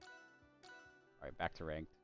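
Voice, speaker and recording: A man's voice: slow pace, soft background music. A man streaming ranked matches in casual gaming chat, rambling and often trailing off and restarting mid-sentence.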